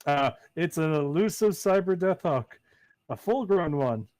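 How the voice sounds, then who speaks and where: A man's voice: a little high, animated, darkish tone, dry recording. Dry-voiced man narrating as game master. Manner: playful, halting narration with fillers.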